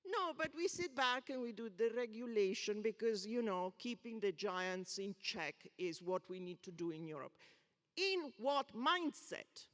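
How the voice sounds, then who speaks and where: An older woman on a discussion panel, speaking with passion and hitting her points hard. her pitch swings widely, and her voice rings out with a long reverb of a lecture hall. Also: lively intonation, a little slow, a bit bright. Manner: impassioned, emphatic.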